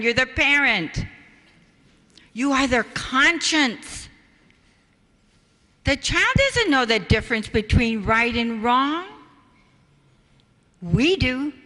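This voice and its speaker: A woman giving a public talk on parenting, telling stories in an emphatic, animated way. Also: high-pitched. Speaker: parenting speaker. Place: lecture hall. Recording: echoey hall reverb.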